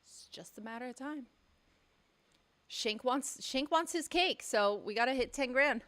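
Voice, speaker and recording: High-pitched, unhurried, and fairly bright, this woman's voice leads a casual livestream from her home studio. She's talkative and outspoken, cursing when irritated, and the studio mic picks up room sound.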